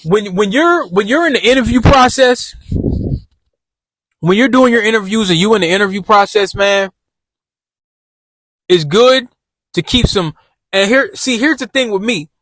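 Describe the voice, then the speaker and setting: A man's voice: high voice, lively intonation, moderate pace, pauses often, a bit bright, no room sound. A man vlogging from his car, giving job-interview tips in loose, repetitive slang and talking to his viewers as y'all. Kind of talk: casual talk while driving.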